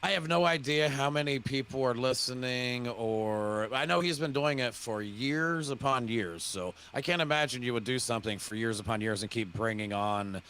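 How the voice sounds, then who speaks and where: A man in casual podcast chat, rambling and halting with many restarts. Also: medium pitch, a bit bright, clear, resonant tone.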